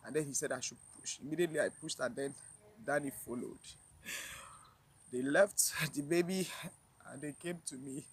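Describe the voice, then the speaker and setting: A woman tells a personal story to her viewers, emotional and near tears, halting and repeating herself with sighs. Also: low voice, breathy edge, rough recording. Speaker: vlogger.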